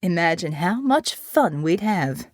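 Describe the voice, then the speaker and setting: A woman voicing a wry, easygoing man, an action-hero partner in an audiobook, speaking slowly. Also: fairly low pitch, big pitch swings, no echo, studio quality, pitched below the performer's own voice. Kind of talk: audiobook character voice.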